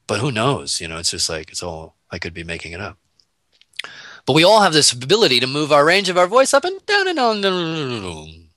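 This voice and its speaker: Lively, bright-voiced man musing playfully. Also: medium pitch, fairly quick, dry recording. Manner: playful and laughing, rambling with restarts. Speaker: guest. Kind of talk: casual philosophical conversation.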